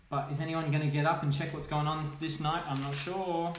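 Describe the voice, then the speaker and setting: A man, a children's author, reading his own picture book aloud with playful, animated commentary and sound effects. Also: fairly high pitch, normal speed. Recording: echoey room, faint noise.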